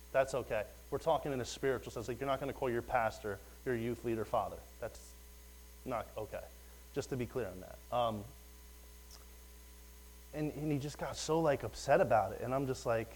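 A man's voice: medium pitch, low-quality recording. A young man giving an informal sermon, rambling and conversational with many asides and fillers. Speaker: lay preacher.

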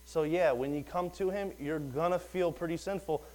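A man's voice: fairly high pitch, moderate pace, a little mellow, rough recording. A young man giving an informal sermon, rambling and conversational with many asides and fillers. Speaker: lay preacher.

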